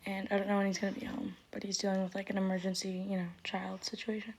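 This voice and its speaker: Young woman, 20s, livestream chat, tipsy, heavy breathing, rambling, self-deprecating, hushed murmurs. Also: mid-range voice, flat delivery, quick pace, slight background noise.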